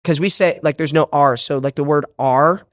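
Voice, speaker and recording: A young man from Boston, a stage actor guesting on a podcast, talks casually with a slight Boston accent, laughing often and using fillers and restarts. His voice is a little high and his speed normal. The studio sound is clean, with no echo.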